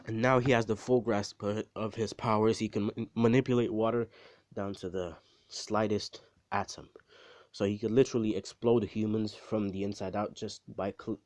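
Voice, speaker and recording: A man's voice: fairly low pitch, a little mellow, no echo. A man telling a story casually, rambling and swearing, with lots of fillers and restarts. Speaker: video creator.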